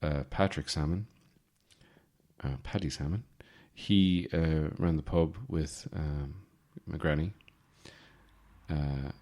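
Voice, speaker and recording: An Irish man in his forties, hosting a podcast with a rambling, deadpan comic monologue full of fillers and restarts. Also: very deep voice, slow. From Ireland. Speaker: podcast host.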